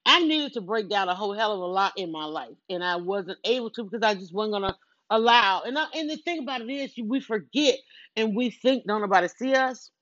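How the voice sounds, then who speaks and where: A woman tells a story from her own life in an earnest, rambling way, often restarting and turning aside to the listener. Her voice sits at an ordinary middle pitch. The recording is dry and somewhat dull and lo-fi. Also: expressive, brisk, fairly bright tone, no echo. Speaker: mother telling a personal story. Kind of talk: casual personal storytelling monologue.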